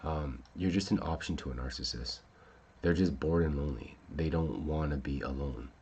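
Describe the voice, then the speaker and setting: A man's voice: rumbling low, normal speed, a little mellow. A man hosting a casual talk show, rambling with many fillers and restarts and swearing when upset. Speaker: podcast host.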